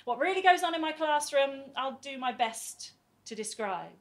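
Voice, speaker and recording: A woman's voice: sits high, animated. Woman performing spoken word poetry. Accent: soft southern English. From northeast England. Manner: rhythmic, rhyming delivery with dramatic pauses. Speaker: poet and teacher.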